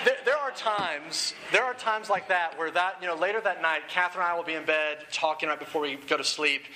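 A man in his thirties preaching a sermon to a room, telling a family story in a casual, halting way and then building to an earnest call. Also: fairly high pitch, sharp tone, a little hiss or hum, low-quality recording. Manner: informal, storytelling with restarts, building to earnest exhortation. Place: room with an audience.

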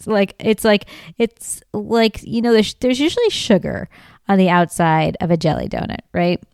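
Animated, swearing woman comic. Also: mid-range voice, moderate pace, creaky, clear, resonant tone, no room sound, clean studio sound. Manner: animated, swears freely, laughs often, acts out quoted lines. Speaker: podcast host. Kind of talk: comedic storytelling monologue.

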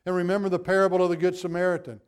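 A man's voice: high-pitched, little pitch movement, rapid-fire, clean tone. A man preaching a sermon as pastor, building his points through emphatic repetition.

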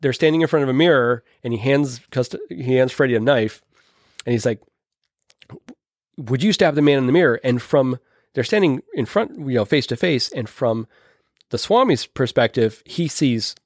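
A man's voice: medium pitch, animated, moderate pace, dry recording, clean studio sound. A man chatting casually about old films, rambling with many restarts and plenty of enthusiasm. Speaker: podcast host or guest discussing films. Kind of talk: casual chat.

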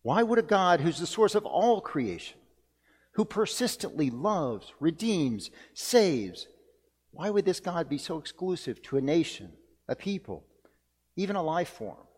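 Speaking at a measured pace in a slightly high, slightly rough voice, a very animated pastor delivers an earnest, reflective sermon. He repeats key phrases for emphasis, and the long reverb of a church hall is audible.

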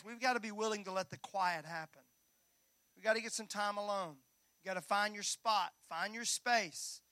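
A high-voiced man preaches a sermon, bright and forceful in tone. He swings from loud rallying calls down to hushed, near-whispered lines, dropping folksy jokes to his congregation. The sound is close and dry. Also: no room sound. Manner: folksy, joking asides to the congregation. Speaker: pastor.

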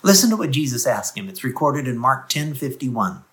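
Animated man preaching a devotional. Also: medium pitch, moderate pace. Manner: animated, conversational storytelling. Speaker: pastor. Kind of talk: radio devotional sermon.

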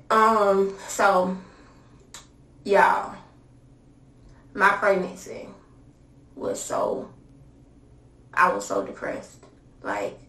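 A woman's voice: mid-range voice, fairly bright tone. A young adult woman telling a personal story in a casual, candid way, with many fillers. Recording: roomy sound from a distance.

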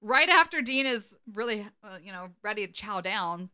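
A woman co-hosting a podcast, casually recapping an episode with animated, laughing delivery. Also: mid-range voice, normal speed, clean tone. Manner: animated, acts out quotes, laughs often. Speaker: podcast co-host.

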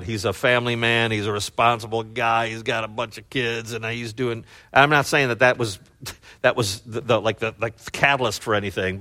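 Animated middle-aged pastor, bright voice. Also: male voice. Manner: animated, swings from low asides to loud excited bursts; loose, chatty delivery with many fillers. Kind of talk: conversational sermon.

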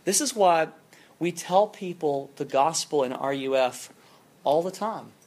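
Brief: campus minister giving a relaxed, lively sermon, full of casual asides. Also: mid-range voice, measured pace. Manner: conversational, animated storytelling with casual fillers.

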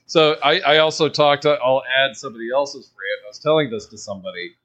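A man's voice: medium pitch, brisk, a bit bright, slightly rough, highs cut off. A man ranting casually on a podcast, rambling through his story with fillers and restarts. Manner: rambling, restarts with many fillers, laughs at own asides. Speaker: podcast guest.

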